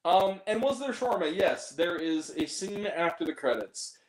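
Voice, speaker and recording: A man's voice: high-pitched, expressive, moderate pace, a crowd in the background. A young man giving a casual, blunt, rambling video review of a film, apologetic and self-deprecating as he goes. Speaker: movie reviewer. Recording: echoey room.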